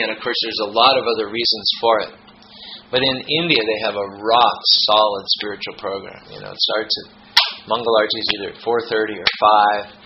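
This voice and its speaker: A man giving a devotional talk as a spiritual teacher, explaining practice in a relaxed, rambling way and chanting examples. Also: lowish voice, highs cut off, noisy background.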